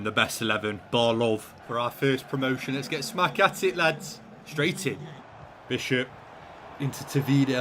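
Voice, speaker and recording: A man giving lively play-by-play commentary on his own video game, swinging from quiet muttering to shouting at the big moments. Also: fairly high pitch, background noise. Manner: excitable, shouts at goals, banter. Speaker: gaming YouTuber.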